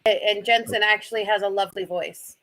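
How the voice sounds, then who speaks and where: A woman chatting casually as a panelist, eager and quick to jump in and correct the others. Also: medium pitch, steady tone, a bit bright, low-quality recording. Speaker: podcast panelist. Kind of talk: casual chat.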